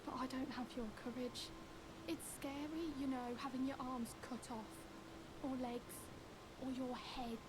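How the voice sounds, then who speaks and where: A frightened young game wanderer who speaks softly and hesitantly. Her voice sits fairly high, and a steady hiss runs under the game audio. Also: unhurried. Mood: timid. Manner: soft, hesitant, fearful. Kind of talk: game character dialogue. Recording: hissy game audio capture.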